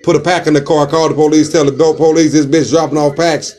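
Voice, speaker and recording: Brief: man in casual chat, loud animated storyteller, voice sits a bit high. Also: quick pace.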